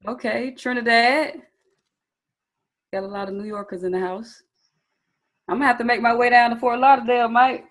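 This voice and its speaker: Speaking straight to her webinar audience, a Southern-accented trading teacher from Atlanta, Georgia, chats in an upbeat, encouraging way. Her voice is fairly high, with fairly even intonation, a moderate pace and long pauses.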